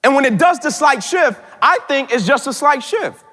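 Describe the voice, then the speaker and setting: High-voiced guy giving a motivational speech, big and loud then quiet, lots of hall echo. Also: animated, normal speed. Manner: swings from loud emphatic peaks to hushed low tones. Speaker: motivational keynote speaker. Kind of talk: dramatic storytelling speech.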